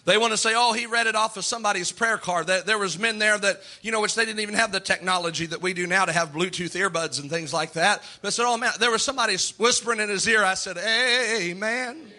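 A man's voice: high-pitched, fast talker, few pauses, bright, forceful tone. A male pastor preaching a sermon in a church, fervent, acting out the voices of people he quotes.

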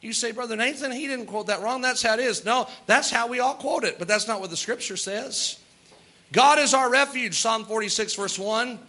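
Bright-voiced man preaching a sermon. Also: very high-pitched. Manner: earnest preaching with quick asides and little laughs. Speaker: pastor.

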